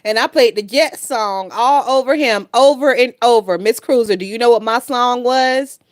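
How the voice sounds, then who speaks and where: A woman's voice: fairly high pitch, normal speed, dry recording, studio quality. A woman hosting a gossip channel, talking bluntly and with lots of swearing and laughter. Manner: blunt, profane, laughs often. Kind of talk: casual commentary.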